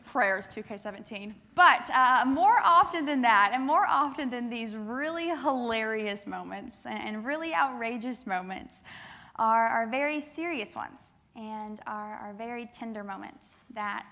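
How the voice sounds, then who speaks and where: A young woman giving a keynote speech to a youth assembly, telling lively stories with acted-out quotes. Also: on the high side, unhurried. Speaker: keynote speaker. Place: large assembly hall.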